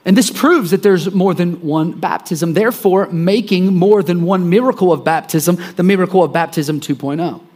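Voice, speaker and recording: Male preacher, a bit higher voice, conversational sermon delivery with repeated phrases. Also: normal speed, hardly any pauses, a little mellow.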